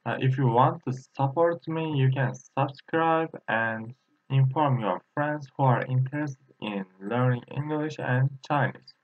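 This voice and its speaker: A man from Turkey teaching a language lesson, speaking haltingly with many fillers and repeating each word several times. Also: medium pitch. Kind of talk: slow whiteboard language lesson. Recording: tinny phone-like audio.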